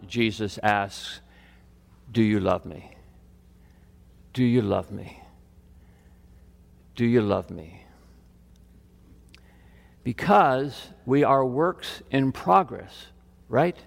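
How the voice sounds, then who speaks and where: A man preaching a sermon as pastor, slow and deliberate with long pauses, recorded in a church sanctuary. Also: medium pitch, long reverb tail.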